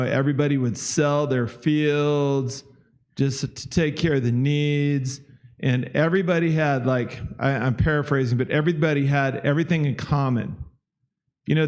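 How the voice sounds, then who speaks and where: A man in a church class sharing an example in a casual, rambling way, with many fillers. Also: mid-range voice. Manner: chatty, many "you know" fillers. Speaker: class member. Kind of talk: casual group discussion.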